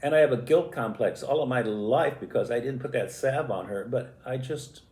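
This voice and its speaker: A man in his eighties telling stories from his life in a halting, reflective and emotional way. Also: mid-range voice, darkish tone. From US Midwest. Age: 80s. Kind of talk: personal storytelling. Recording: echoey room.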